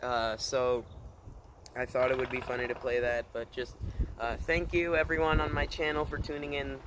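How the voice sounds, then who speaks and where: A man chatting casually to his channel, rambling and hesitant, full of fillers and deadpan puns. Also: mid-range voice, normal speed, background noise. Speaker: channel host. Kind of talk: casual vlog chat.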